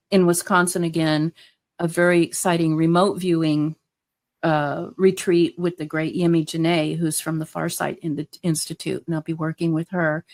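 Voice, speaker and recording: A woman with a fairly low voice speaks as a guest in a relaxed interview. She talks earnestly and with enthusiasm, filling her sentences with small fillers. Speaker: guest, hypnotherapist. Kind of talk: casual interview chat.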